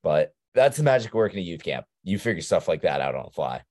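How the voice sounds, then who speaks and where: Very deep-voiced man telling a story. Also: fast, no echo, studio quality. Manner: rambling, animated anecdote with frequent "like" and laughs. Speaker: podcast host. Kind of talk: casual storytelling chat.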